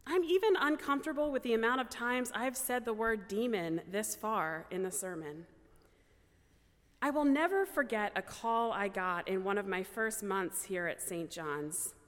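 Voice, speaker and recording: A woman pastor delivering a sermon in a slow, measured way, with reflective pauses. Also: on the high side, fairly bright tone. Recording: church hall with long reverb.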